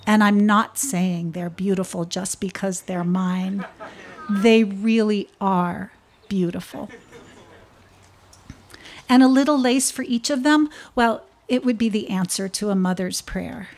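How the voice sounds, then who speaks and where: A woman's voice: medium pitch, measured pace, lightly acted. A woman voicing a proud, fussy mother turtle in a storybook reading, chatty and insistent.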